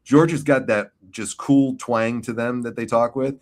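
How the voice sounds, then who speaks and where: A man's voice: mid-range voice, fairly even intonation, measured pace. A man with a New York accent, hosting a casual wrestling podcast and telling stories full of swearing. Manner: profane, storytelling. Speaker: podcast host.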